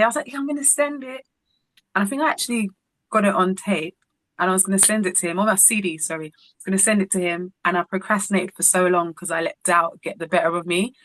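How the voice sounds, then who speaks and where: A woman's voice: medium pitch, dry recording. A woman, a singer-songwriter, telling a personal story as an interview guest and acting out the dialogue as she goes. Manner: animated, acts out dialogue in her stories.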